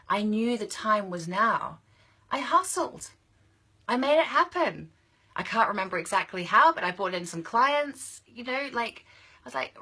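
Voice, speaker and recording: A woman's voice: medium pitch, animated, moderate pace, bright, forceful tone, breathy edge. A young adult woman coaching other women in a passionate, emphatic motivational monologue, repeating phrases for force.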